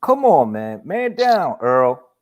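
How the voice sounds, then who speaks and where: A man hosting a casual boxing talk show, animated and profane, laughing often as he rants. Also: fairly high pitch, slow pace. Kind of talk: casual chat.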